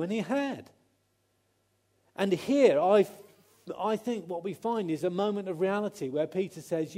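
A man's voice: sits high, animated, a little slow, mellow. A man preaching a conversational sermon, often acting out quotes and restarting his sentences.

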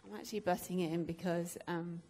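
A woman giving an emotional, halting testimony in a church group, with many pauses and fillers. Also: on the low side, flat delivery, dark tone, a little hiss or hum. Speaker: church member sharing a testimony.

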